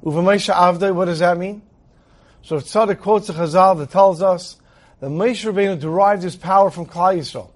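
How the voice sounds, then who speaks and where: A man with a high voice teaches a Torah lesson, moving from explanation into a long story. He tells it with animation and acts out each character's lines. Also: normal speed. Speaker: rabbi teaching.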